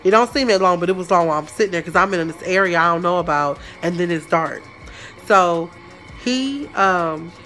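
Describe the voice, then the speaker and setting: A woman telling a story in a casual, chatty vlog, animated and full of slang. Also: lowish voice. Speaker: vlogger.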